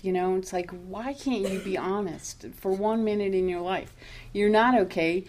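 A woman's voice: medium pitch, moderate pace, a little mellow, a little hiss or hum. A woman telling her own recovery story at a meeting, candid and self-mocking, laughing often as she talks. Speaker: recovery speaker.

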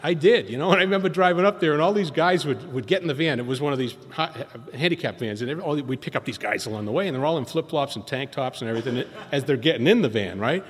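At a recovery meeting, a middle-aged man gives personal testimony in a medium-pitched, breathy voice, talking fast and animatedly with few pauses. He rambles and acts out what other people said, and the hall adds a long reverb.

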